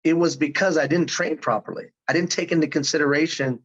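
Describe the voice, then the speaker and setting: A man's voice: a little high, steady tone, a little fast, a bit bright, highs cut off. A man in his fifties telling his story in a casual interview, earnest and emphatic. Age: 50s. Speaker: guest.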